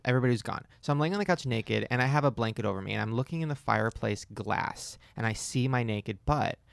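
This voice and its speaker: Gravelly, teasing male podcast host. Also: mid-range voice, quick pace, dry recording. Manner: teasing, blunt, storytelling. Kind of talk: casual comedic chat.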